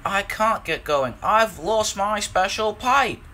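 A man voicing a cheerful, excitable male steam engine in a storybook reading. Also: slow pace, full character voice. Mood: excited. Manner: high, excited.

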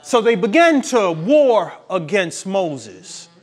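A man's voice: high voice, very animated, slow. A male pastor preaching a sermon with emphatic, preachy delivery and laughing at his own points.

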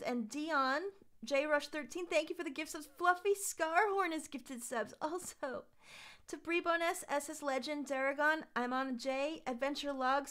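Very high-voiced woman streamer. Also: fairly bright tone. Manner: reads out long lists of supporter names, with dramatic outbursts. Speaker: VTuber streamer. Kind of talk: live game stream chat.

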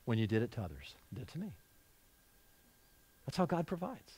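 A middle-aged male pastor preaching a sermon in a church, animated, acting out quoted voices and moving between loud emphasis and hushed lines. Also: medium pitch, fast. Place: church sanctuary.

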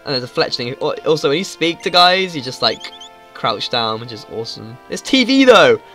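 A man talks through a video game in a loose, excitable way, swearing as he goes. His voice sits a little high for a man. Faint game music plays underneath. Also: normal speed. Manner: casual, excitable, swears freely. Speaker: gaming YouTuber. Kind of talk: let's play commentary.

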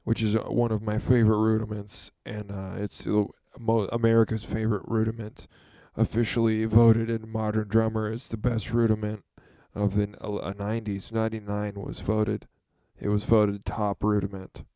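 A man giving a drum lesson, talking in a halting, earnest way and counting out beats as he demonstrates. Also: fairly low pitch, monotone, mellow, no room sound. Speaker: drum teacher. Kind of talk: instructional demonstration.

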